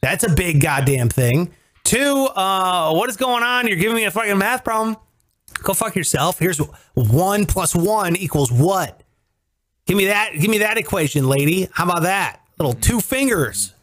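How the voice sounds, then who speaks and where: A high-voiced man riffs in a casual comedy podcast, his pitch jumping all over. He swears freely and jokes at a quick clip. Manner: profane, animated, jokey. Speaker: podcast co-host.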